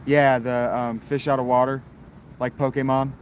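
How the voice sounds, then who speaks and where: A man's voice: mid-range voice, flat delivery, moderate pace, a little hiss or hum, low-quality recording. A man hosting a casual livestream, answering viewers in chat with a laid-back, wry manner and some swearing. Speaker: livestream host reading chat.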